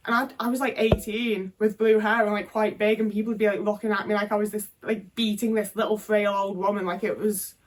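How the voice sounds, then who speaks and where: A woman's voice: mid-range voice, little pitch movement, a little fast, few pauses, recorded from a distance. A British woman talking candidly into her phone in a casual monologue, frank and rambling, with plenty of fillers and swearing. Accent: British English. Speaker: vlogger. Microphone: phone camera.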